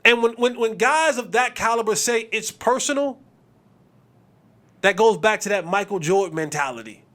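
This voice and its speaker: High pitched guy going off on a sports podcast, lots of slang, keeps repeating himself. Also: expressive, moderate pace, fairly bright tone. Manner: emphatic, repetitive, street slang. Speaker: podcast host.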